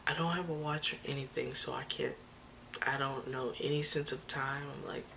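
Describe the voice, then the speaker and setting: A young woman tells a childhood story to her camera in a chatty, scattered way, dropping "like" constantly and acting out what she said back then. Her voice sits low for a woman. There is a faint hiss of room noise behind her. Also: fairly even intonation, moderate pace, vocal fry, a bit bright. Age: young adult. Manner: chatty, fillers like "like", acts out her own lines. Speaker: vlogger. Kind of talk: storytime vlog. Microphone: phone or camera close by.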